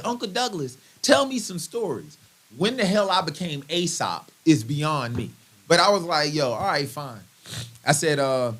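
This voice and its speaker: A man, a comedian guest, telling a funny story in an animated, chatty way and laughing often. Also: mid-range voice. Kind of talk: comic storytelling in conversation.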